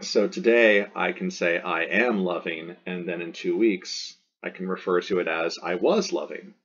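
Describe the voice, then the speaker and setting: A man with a very low, husky voice teaches a recorded Latin lesson. He explains patiently, step by step, and sometimes restarts a phrase. The audio is dull and lo-fi. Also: normal speed, a bit bright.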